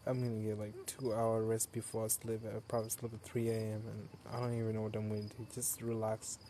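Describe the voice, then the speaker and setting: A man's voice: lowish voice, level tone, fast talker, warm tone, slight background noise. A tired young man chatting loosely with viewers on a late-night live stream, laughing often and talking into a phone he holds while outdoors.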